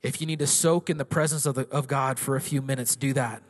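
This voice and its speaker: A man pastor preaching a sermon to his congregation, swelling into loud, passionate declarations and then easing into storytelling. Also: medium pitch, fairly even intonation, quick pace, long reverb tail. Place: church sanctuary.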